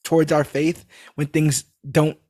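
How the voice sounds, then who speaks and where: Chatty man with a slightly high voice. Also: a little slow, no room sound, studio quality. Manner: rambling, animated, swears casually. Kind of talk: casual recap chat.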